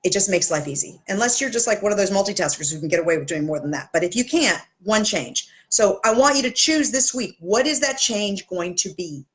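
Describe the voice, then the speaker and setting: A woman's voice: medium pitch, animated, fairly quick, hardly any pauses. Blunt, chatty woman fitness coach. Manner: blunt, pushy motivational talk with tough love; chatty, with asides and self-corrections. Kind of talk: direct-to-camera health advice vlog.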